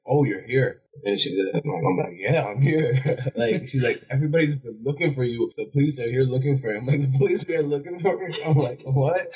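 A young man tells a story in loose, slangy speech, laughing and restarting his sentences. His voice sits a little low and sounds husky. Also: muffled recording. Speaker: panel guest. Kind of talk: casual storytelling.

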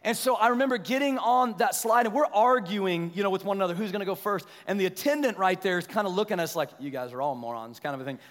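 A middle-aged man preaching a sermon in a church sanctuary, his voice pitched high and carried by a long hall reverb. He tells stories with lively energy and slows down to hammer home his points. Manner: animated storytelling, then slower emphatic preaching. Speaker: pastor.

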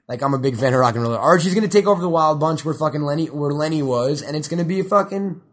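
A young man chatting casually about films, excitable and rambling, swearing often. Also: fairly high pitch, quick pace. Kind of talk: casual chat.

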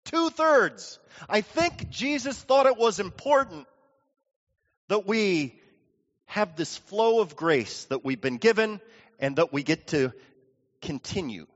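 High-voiced preacher in an echoing church. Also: male voice, big pitch swings, takes it slowly. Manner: storytelling, acting out the people he quotes. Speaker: pastor. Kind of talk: sermon. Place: church sanctuary. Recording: dull lo-fi audio with long hall reverb.

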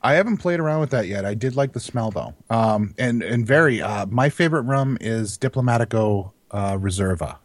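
A man co-hosts a casual podcast, wry and laid-back. He makes dry jokes in a somewhat low voice. The recording is dry and close. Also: animated, brisk, hardly any pauses, no echo. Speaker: podcast co-host. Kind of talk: casual chat.

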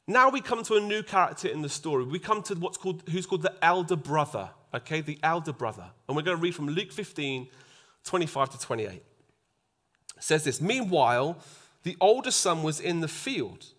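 A man preaching a sermon, acting out the voices in the story and dropping to a soft hush for emphasis. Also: on the high side, fairly quick. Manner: animated, acts out quoted voices, drops to a soft hush for emphasis.

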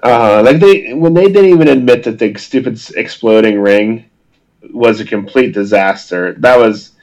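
A man's voice: medium pitch, moderate pace, a little mellow, poor audio. A man co-hosting a casual podcast, answering in a dry, matter-of-fact way with short agreeing replies. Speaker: podcast co-host. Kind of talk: casual wrestling podcast chat.

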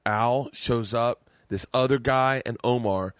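A man guesting on a comedy podcast, telling a story in relaxed casual chat and filling gaps with easy agreement. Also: medium pitch, a little slow, dry recording, studio quality. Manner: relaxed, chimes in with frequent "yeah".

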